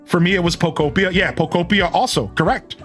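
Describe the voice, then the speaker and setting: Guy streaming, kinda high voice, just yapping and reading chat, quiet music in the back. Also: fairly quick. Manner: rambling, chatty, reads out chat messages. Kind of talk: casual live-stream chat.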